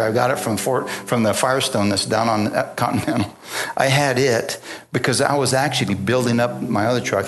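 A man preaching a sermon, telling a personal story in a folksy way and asking the congregation for agreement. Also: mid-range voice. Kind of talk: sermon testimony. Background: guitar music.

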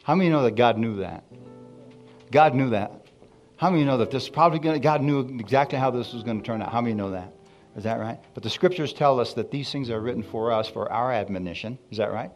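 Man preaching an animated sermon. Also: mid-range voice, fast, soft background music. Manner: call-and-response preaching with frequent asides; animated, swings between loud emphasis and soft asides. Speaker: pastor.

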